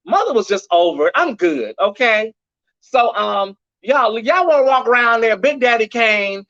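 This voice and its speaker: A man's voice: high voice, sharp tone, dry recording, highs cut off. A man hosting a live headline show, delivering the news in a sassy, gossipy way and greeting viewers by name.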